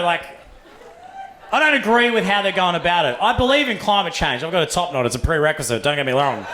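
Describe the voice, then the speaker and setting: A young Australian man performing a profane, animated stand-up set in a comedy club, acting out voices as he tells stories. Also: high-pitched, quick pace, a little hiss or hum. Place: comedy club stage with laughing audience. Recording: roomy club sound.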